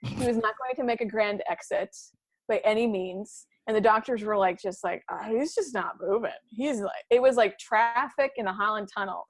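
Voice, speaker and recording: A woman's voice: mid-range voice, normal speed, no echo. A woman, a podcast guest, telling a funny personal story in casual chat and acting out her own thoughts as quoted asides.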